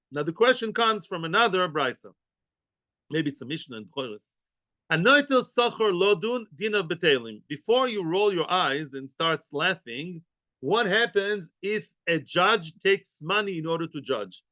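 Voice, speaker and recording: A man giving an animated Talmud lesson, acting out little scenes and mixing in Hebrew and Yiddish terms. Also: sits high, dry recording. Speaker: Talmud teacher. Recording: dull, muffled dry recording.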